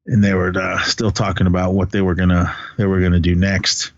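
A man's voice: sits low, fairly quick. Chatty man recapping a movie, lo-fi. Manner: retells scenes with animated put-on voices, laughs often. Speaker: podcast co-host. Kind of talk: casual movie chat.

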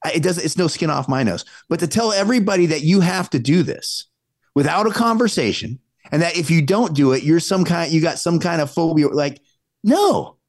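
A man's voice: lively intonation, fairly quick, no echo. Opinionated male co-host, dry close sound. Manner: opinionated, jumps up in pitch when worked up. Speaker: podcast co-host. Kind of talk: casual live-stream chat.

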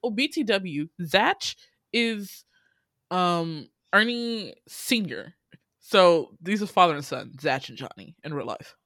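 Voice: mid-range voice, expressive, takes it slowly, fairly bright tone, no room sound. Chatty podcast host recapping a movie, lots of likes and ums, super dry close mic. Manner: chatty, filler-heavy, laughs through the retelling.

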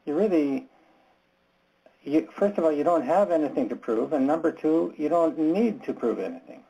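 Man, gravelly, husky, Bible study leader, earnest, repeats himself. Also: fairly high pitch, lively intonation, dark tone, highs cut off. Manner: halting, repeats words, earnest and direct. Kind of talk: candid group Bible discussion.

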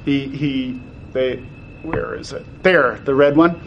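A man's voice: medium pitch, slow, muffled recording, slight background noise. A middle-aged man, a toy designer, chatting and telling anecdotes as a guest on a convention panel, laughing often and acting out the people he quotes. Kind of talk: casual anecdotal storytelling.

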